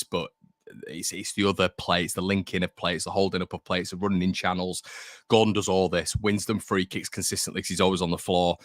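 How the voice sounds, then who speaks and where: A man's voice: deep voice, fairly bright tone, dry recording, clean studio sound. A young man hosting a football fan live stream, chatting casually and reading out viewer comments with strong opinions. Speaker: fan channel host.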